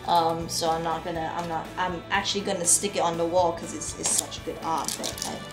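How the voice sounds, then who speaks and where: A woman's voice: lowish voice, flat delivery, a little fast. A young woman vlogger gushing and rambling about her art haul, full of fillers and restarts. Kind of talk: casual chat. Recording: echoey room with faint music.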